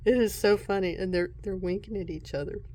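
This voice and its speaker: A woman vlogging casually at home about her tarot decks, soft-spoken and unhurried, often breaking into giggles. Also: mid-range voice, slight background noise. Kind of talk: casual show-and-tell vlog.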